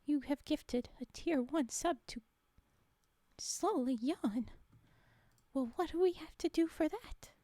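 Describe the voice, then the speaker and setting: A woman's voice: high-pitched, moderate pace, hardly any pauses, mellow, no room sound. A young woman streaming live, chatting casually and rambling with frequent giggles.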